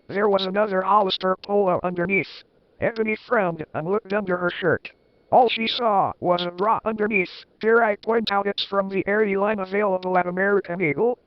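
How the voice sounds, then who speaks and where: With wry, sarcastic asides, a reader performs a comic dramatic piece in a high-sitting voice. The lo-fi recording sounds dull and dry, without any echo.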